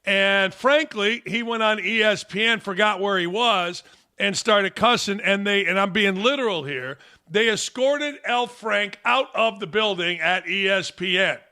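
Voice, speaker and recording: A man's voice: high-pitched, unhurried, pushed and bright. An older man hosting a live fan Q&A stream, talking in a brash, profane, rambling way and telling stories. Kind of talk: casual live-stream chat.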